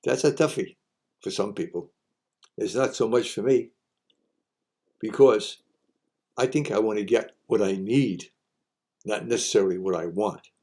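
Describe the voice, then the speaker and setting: Warm and lowish in pitch, a man's voice carries a folksy monologue of down-home advice, with the host repeating each saying for emphasis.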